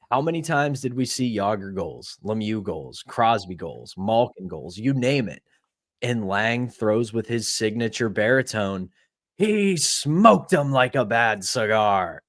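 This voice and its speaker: A man's voice: fairly low pitch, no room sound, studio quality. A man from Pittsburgh co-hosting a sports podcast, telling an anecdote in a casual, storytelling way. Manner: storytelling, animated retelling of anecdotes. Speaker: podcast co-host.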